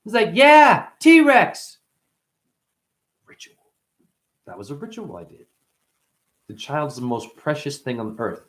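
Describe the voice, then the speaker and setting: A man's voice: mid-range voice, very animated, moderate pace, pauses often. A man talking as a spiritual teacher in a loose, profane monologue, playful and fond of acting out other people's voices. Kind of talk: rambling spoken monologue.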